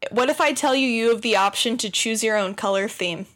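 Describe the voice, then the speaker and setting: A woman co-hosting a casual comedy podcast, dropping deadpan quips and quiz questions. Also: fairly high pitch, fairly quick. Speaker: podcast co-host.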